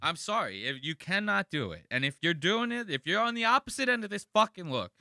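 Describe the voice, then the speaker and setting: A man riffs on a video in a loose, profane, mocking way. His pitch jumps around a lot and his voice has a bright, forceful edge. The sound is dry and close, with no room echo. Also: fairly quick, creaky. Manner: animated, crude, mocking, swears often. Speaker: commentator reacting to a video. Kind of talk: casual reaction commentary.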